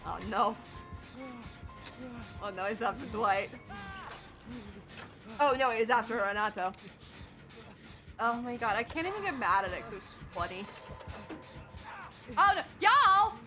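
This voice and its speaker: A woman streamer giving excitable, laughing commentary on her gameplay as she talks to the teammates on screen. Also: fairly high pitch, measured pace, pauses often, over music.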